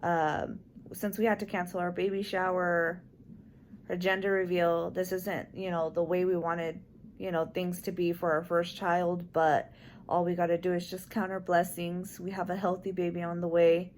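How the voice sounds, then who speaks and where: A young woman, an expectant mother, speaking softly and with emotion in a casual, grateful chat from a hospital room. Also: on the low side, little pitch movement, moderate pace, slight background noise. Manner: soft-spoken, emotional, grateful.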